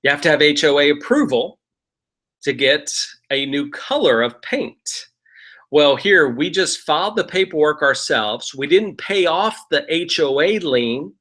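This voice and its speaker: A middle-aged man teaches through a story in a loose, conversational way. His voice sits a little high and sounds bright and forceful, and he keeps checking in with his listeners as he goes. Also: animated, measured pace. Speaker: real estate investor teaching. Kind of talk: casual storytelling lesson.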